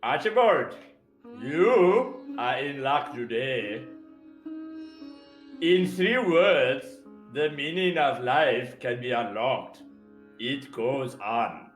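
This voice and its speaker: A man voicing a floating flumph creature that gives slow, solemn, crude wisdom. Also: mid-range voice, lively intonation. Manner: slow, solemn pronouncements laced with swearing. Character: serene floating flumph sage, crude and blunt. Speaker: game master voicing a creature. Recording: roomy echoey room, faint music.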